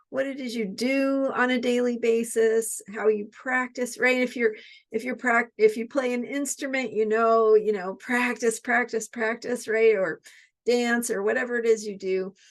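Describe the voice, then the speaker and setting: Slow-talking woman teaching astrology. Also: on the high side. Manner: repeats questions, many fillers and "right?". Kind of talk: reflective spoken teaching.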